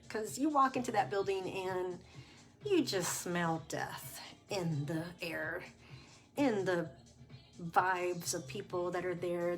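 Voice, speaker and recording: A woman talks candidly on a livestream in a relaxed, conversational voice at an everyday pitch. She sounds chatty and open, with frequent fillers and quick laughs, and soft music plays faintly behind her. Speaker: cancer survivor sharing her story. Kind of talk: casual livestream testimony. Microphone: webcam or phone on a livestream.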